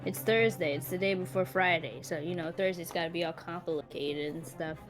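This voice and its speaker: A woman's voice: lowish voice, brisk, music in the background. Easygoing woman co-streamer. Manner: laughing, easygoing. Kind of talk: casual chat during a game stream.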